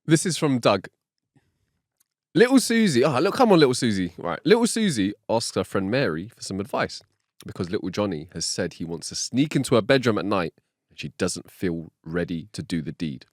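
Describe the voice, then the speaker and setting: A man with a fairly low speaking voice reads out listener jokes on a comedy podcast. His pitch swings widely as he jumps into high character voices. He sounds close to the mic in a dry space. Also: fairly quick, dry recording. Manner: animated storytelling, jumping into high voices for characters. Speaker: podcast co-host. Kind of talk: reading listener jokes aloud.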